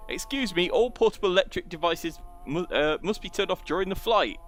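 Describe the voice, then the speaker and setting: Fussy rule-loving flight attendant, guy doing the line, kinda high. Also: lively intonation, fairly quick, a bit bright, faint music behind. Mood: officious. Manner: prim, officious.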